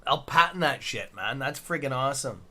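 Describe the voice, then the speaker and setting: A man's voice: mid-range voice, lively intonation, a little fast, sharp tone. A middle-aged man casually hosting a live stream, reading chat aloud and bantering with loose swearing. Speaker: livestream trading host.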